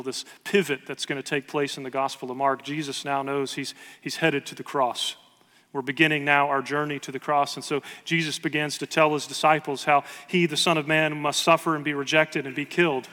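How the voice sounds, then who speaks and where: A man preaching a sermon in a church, his voice bright and forceful and pitched a bit high. He reads scripture aloud with earnest emphasis, and a long reverb trails each phrase. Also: little pitch movement, normal speed. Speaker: pastor.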